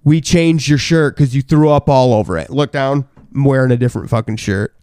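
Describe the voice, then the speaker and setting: A young man co-hosting a podcast, telling crude party stories in casual chat and loudly acting out what people said. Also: medium pitch, fairly quick, clear, resonant tone, no echo, studio quality. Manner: crude, rowdy storyteller who acts out quotes loudly. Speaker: podcast co-host.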